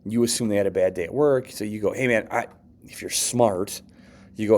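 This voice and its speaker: A man's voice: fairly low pitch, brisk, darkish tone. A male teacher giving a casual, conversational psychology lesson for students. He keeps checking in with "okay" and acts out short quoted lines. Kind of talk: casual classroom lecture.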